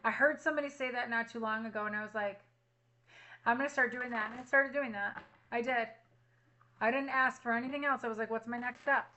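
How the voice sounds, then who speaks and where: Woman doing a tarot reading, brightish higher voice, keeps repeating reassuring stuff. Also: steady tone, a little fast, low-quality recording. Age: adult with a child at home. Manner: earnest, reassuring, repeats affirmations. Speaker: tarot reader. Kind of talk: spiritual tarot reading to viewers.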